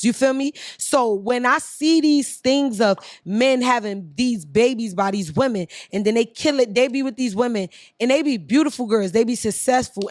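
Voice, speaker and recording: A woman's voice: fairly high pitch, no room sound, studio quality. A woman making a long, impassioned argument in a heated podcast debate, asking rhetorical questions. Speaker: podcast guest.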